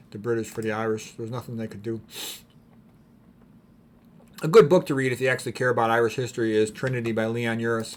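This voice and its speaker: Guy talking through paintings, mid-pitched voice, lots of ums and throat clearing, opinionated. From United States. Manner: rambling, opinionated, frequent throat-clearing and fillers. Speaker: art commentator. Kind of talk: casual commentary on paintings.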